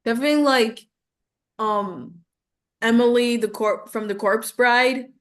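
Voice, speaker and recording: A woman student talks casually with her coach between takes. Her voice is high, and she pauses and fills with "um" and "like" as she works out her thoughts. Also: steady tone. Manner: hesitant, filler-heavy. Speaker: voice acting student. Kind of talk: casual chat.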